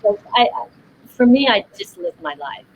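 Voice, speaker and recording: A woman's voice: sits high, lively intonation, normal speed, gravelly, lo-fi sound, a little hiss or hum. A middle-aged woman actor on a panel, speaking thoughtfully and a little hesitantly over a video call. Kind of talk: casual panel chat.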